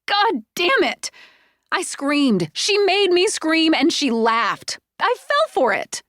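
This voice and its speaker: A high, rattled young woman's voice, loud and breathless, as a woman narrator puts her on in a dry, close audiobook reading. She sounds shaken yet quick to anger. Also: lively intonation, no echo, lightly acted. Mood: shaken angry. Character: young woman homeowner, shaken then furious.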